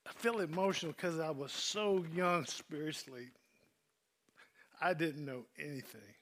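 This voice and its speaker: A man preaching a sermon woven with personal memories, earnest and heartfelt. His voice sits a little high and sounds bright and forceful. He eases into quiet, soft delivery at the tender moments. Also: measured pace, slight background noise. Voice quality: earnest, drops soft when emotional.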